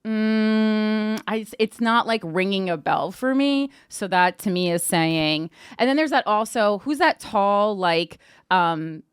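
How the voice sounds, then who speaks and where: Wry rambling woman host with a slightly low voice. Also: clean tone, no echo, clean studio sound. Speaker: comedian host. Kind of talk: casual podcast chat.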